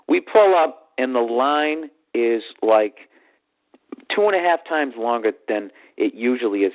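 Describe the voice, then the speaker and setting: A man with a Boston accent telling a comic story on his podcast in a profane, exasperated ranting manner. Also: mid-range voice. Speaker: podcast host. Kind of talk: comedic storytelling monologue. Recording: tinny phone-like podcast audio.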